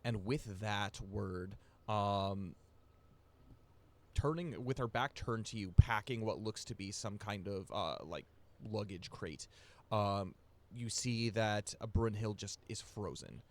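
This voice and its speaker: A man running a tabletop game as game master, narrating scenes in a hesitant way with frequent pauses and restarts. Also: on the low side. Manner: hesitant, many fillers and restarts while describing.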